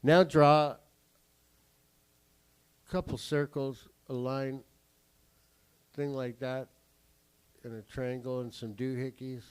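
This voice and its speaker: A man doing stand-up comedy and a drawing lesson on a theatre stage, swearing freely, acting out his family and swinging from quiet asides to sudden shouts. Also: medium pitch, steady tone, clear, resonant tone, poor audio. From Canada. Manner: acts out family members in quick voices. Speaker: comedian and cartoonist. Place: theatre stage with a live audience.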